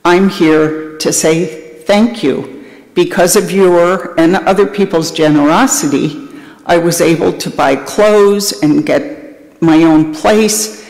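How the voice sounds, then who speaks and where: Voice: medium pitch, slow, vocal fry. A preacher voicing an earnest, grateful woman. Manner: earnest, gentle thanks. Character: grateful middle-aged woman, formerly poor. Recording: echoey church hall, long reverb.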